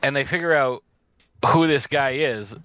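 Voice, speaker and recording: A man's voice: medium pitch, pushed and bright, clean tone, no echo, lo-fi sound. A man co-hosting a film podcast, talking casually and sarcastically with many fillers and restarts. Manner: rambling, sarcastic, lots of fillers and quick put-on voices. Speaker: podcast co-host. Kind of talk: casual chat.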